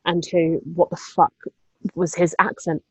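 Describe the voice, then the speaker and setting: A woman's voice: lowish voice, little pitch movement, measured pace, slightly rough, no room sound. A young woman co-hosting a podcast, chatting casually with plenty of fillers, asides and the odd swear word. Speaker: podcast co-host. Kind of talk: casual chat.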